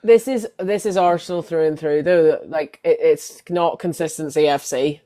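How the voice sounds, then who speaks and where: A woman's voice: low voice, normal speed, dark tone. A woman co-hosting a football podcast, chatting casually and matter-of-factly about the games. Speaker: podcast co-host. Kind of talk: casual chat.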